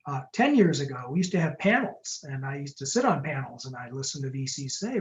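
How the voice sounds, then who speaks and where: A man presents a startup webinar over a video call, talking fast in an upbeat, joking way. His voice sits at a middle pitch. The audio is dull and lo-fi. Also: sing-song. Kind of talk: webinar talk with Q&A.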